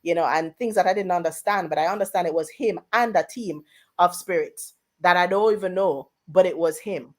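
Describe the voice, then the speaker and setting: A woman, a radio guest telling a personal story in a lively way and putting on family members' voices in quotes. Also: on the low side, brisk.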